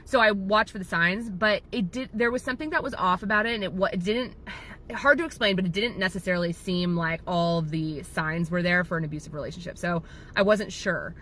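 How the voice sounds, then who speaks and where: A woman who owns a photo studio telling a client story in a fast, rambling way, full of "like". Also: lowish voice, bright, forceful tone, slight background noise. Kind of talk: casual storytelling vlog.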